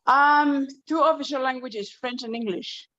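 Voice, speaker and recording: A woman with a Vanuatu accent speaks in a slightly high voice, halting and filling pauses as she chats. The sound is muffled, as on a video call. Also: fairly bright tone. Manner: hesitant, many pauses and fillers. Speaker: webinar participant. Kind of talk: casual chat on a video call.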